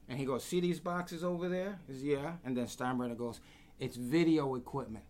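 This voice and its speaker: A man, telling lively stories as a guest and acting out the voices of the people in them. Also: mid-range voice, normal speed. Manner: animated, acts out quoted voices. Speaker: guest storyteller. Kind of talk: casual anecdotes.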